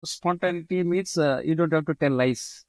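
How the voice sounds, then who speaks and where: A man with an Indian English accent, a guest speaking spontaneously in an interview, repeating his motto and pausing often with fillers. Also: fairly high pitch, a little mellow, no echo, low-quality recording. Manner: repeats his slogans, halting with many fillers. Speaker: guest, leadership author.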